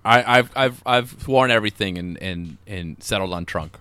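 A man co-hosting a casual comedy podcast, reacting with quick laughs and lively asides. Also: lowish voice, clean tone, dry recording. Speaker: podcast co-host.

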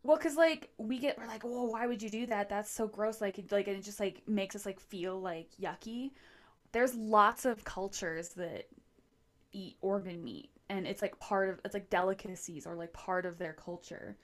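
A young adult woman co-hosting a podcast, talking in an animated, excitable way full of "like" fillers. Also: mid-range voice, normal speed. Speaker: podcast co-host. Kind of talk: casual podcast chat.

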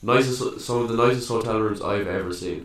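A young man with a slightly low voice, talking a little fast, co-hosts a podcast full of casual banter. He's a laughing, jokey storyteller, and the room sounds echoey.

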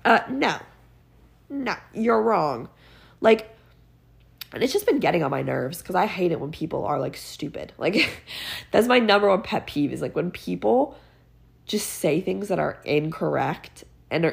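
A teenage girl with a low, heavily gravelly voice, sounding congested from being sick. She hosts her own podcast and rants in a casual, sarcastic, exasperated way, filling her talk with "like". Her low pitch and rough fry stand out. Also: expressive, moderate pace. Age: teens. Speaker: podcast host. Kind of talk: casual ranting monologue.

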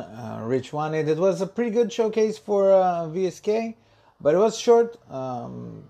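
A man's voice: mid-range voice, mellow. A man hosting a solo podcast, talking loosely with lots of ums and uhs and repeating words as he corrects himself. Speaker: podcast host. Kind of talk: casual solo podcast review.

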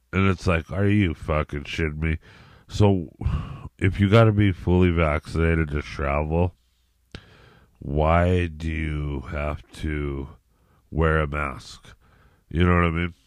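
A man's voice: sits low, no echo, studio quality. A man hosting a solo podcast in a rambling, profane rant, with many restarts and repeated "you know what I mean". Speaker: podcast host.

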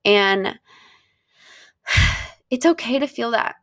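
A woman's voice: fairly high pitch, lively intonation, drawn-out words, a bit bright, no echo, clean studio sound. A young woman talking to camera about her own grief, choked up and chatty, with many fillers. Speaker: vlogger. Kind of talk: personal talk to camera.

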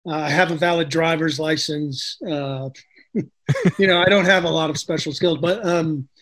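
A middle-aged man with a notably high-pitched voice tells stories in a relaxed interview. He rambles in a chatty way, doubling back and restarting his sentences, like an actor recalling old gigs. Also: moderate pace. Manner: chatty, many restarts and fillers. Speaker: actor, guest. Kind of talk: casual storytelling interview.

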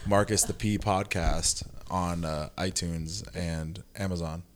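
A man's voice: low voice, steady tone, slow. A young man joking around as a guest on a friends' casual podcast. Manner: goofy, joking.

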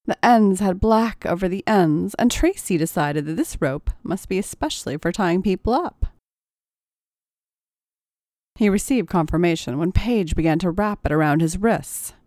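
A woman narrating an audiobook in a measured, expressive reading. Her voice sits low, with a lively pitch, and she takes her time. The recording is dry and close-miked. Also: no echo.

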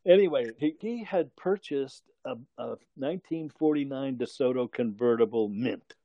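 A man's voice: medium pitch, normal speed, dry recording, lo-fi sound. An older man telling a long story in casual conversation, rambling, chuckling and correcting himself as he goes.

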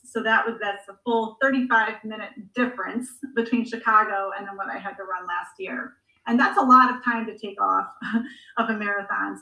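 A woman's voice: mid-range voice, recorded from a distance, lo-fi sound. Chatty woman in an echoey room. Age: 40s. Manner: chatty, animated storytelling with laughs. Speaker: guest, amateur marathon runner. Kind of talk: conversational podcast interview. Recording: echoey room, voice a bit off-mic.

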